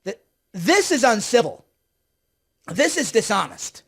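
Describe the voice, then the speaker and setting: High-voiced man in a heated political rant. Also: very animated, unhurried, vocal fry, fairly bright tone, breathy edge. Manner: heated, sarcastic, repeats himself. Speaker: political commentator. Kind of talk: live-stream political rant.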